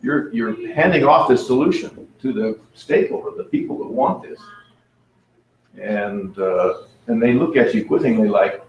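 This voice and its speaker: A man presenting at a conference, asking the audience questions and speaking haltingly with many fillers. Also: lowish voice, darkish tone, dull audio, a little hiss or hum. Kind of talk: interactive conference talk. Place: conference room. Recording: echoey room.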